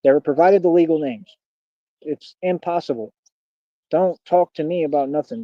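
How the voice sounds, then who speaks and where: Young man, fairly high voice, defiant livestream rant, street slang, dull lo-fi audio, dry sound. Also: warm tone, dry recording. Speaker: streamer.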